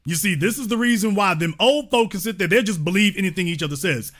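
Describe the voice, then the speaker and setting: A man's voice: high-pitched, fast, a bit bright. A young man hosting a live call-in show, combative and slangy, hammering the same phrases over and over. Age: young adult. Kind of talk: heated commentary and call-in.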